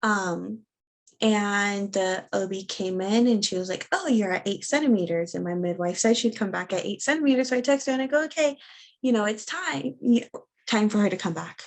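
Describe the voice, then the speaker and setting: A young American woman, a guest sharing her birth story, speaks at a moderate pace in a medium-pitched voice. She tells it casually and animatedly, with plenty of ums and likes, acting out the voices of people she quotes.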